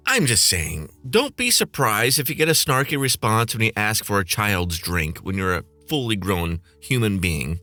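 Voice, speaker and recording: A man's voice: on the low side, pushed and bright, no echo. A man hosting a podcast, ranting in a snarky, profane, sarcastic way. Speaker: podcast host and flight attendant. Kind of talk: comedic rant.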